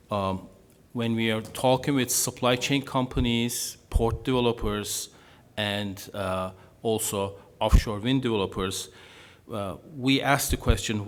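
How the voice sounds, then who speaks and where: A middle-aged man with a Turkish and Norwegian accent, presenting at a conference panel, halting with many fillers. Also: mid-range voice. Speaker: panelist presenting on offshore wind. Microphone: handheld or table microphone.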